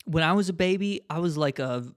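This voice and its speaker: A man's voice: a little high, a little fast, clean tone, dry recording, studio quality. A young man co-hosting a podcast, chatting loosely, joking and swearing often. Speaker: podcast co-host. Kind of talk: casual chat.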